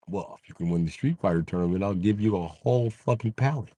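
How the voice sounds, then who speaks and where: A man's voice: low-pitched, fast, hardly any pauses, no echo. A young man riffing crudely on a live comedy stream, jumping into voices. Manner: crude, animated, jumps into voices.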